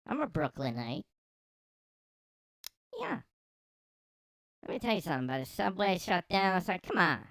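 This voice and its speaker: A man's voice: sits high, big pitch swings, moderate pace, gravelly, pauses often, a bit bright, dry recording, studio quality, pitched above the performer's own voice, heavily acted. A man voicing a boastful, self-proclaimed born-and-bred Brooklyn New Yorker with a mocking swagger.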